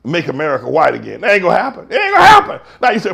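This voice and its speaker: Fiery high-pitched preaching man. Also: wildly swooping pitch, fast talker, gravelly, breathy edge. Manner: loud, heated, swings between shouting and muttering; folksy, slangy. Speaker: pastor.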